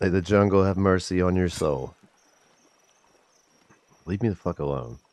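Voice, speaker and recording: A man's voice: low voice, a little slow, darkish tone. A young man streaming a game, muttering profane commentary to himself with bursts of exasperation and an occasional cough. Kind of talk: live gameplay commentary.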